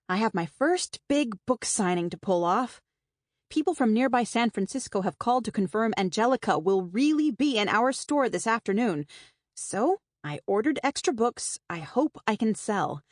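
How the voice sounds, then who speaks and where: An expressive woman whose voice sits on the high side narrates a first-person novel at a moderate pace. The audiobook reading is wry and conversational, captured on a close studio mic with no echo.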